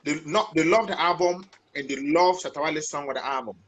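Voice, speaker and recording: A man's voice: a little high, a little fast, fairly bright tone. A man hosting a casual interview, affirming his guest and stumbling over his words as he asks questions. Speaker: interviewer host.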